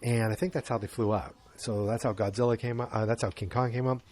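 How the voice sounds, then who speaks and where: A man's voice: medium pitch, fairly even intonation, fast, a little mellow. A male podcast host walks through a film plot in a loose, rambling way. He drops in sarcastic jokes and admits what he doesn't understand. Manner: rambling, sarcastic, self-deprecating asides. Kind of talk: casual movie recap.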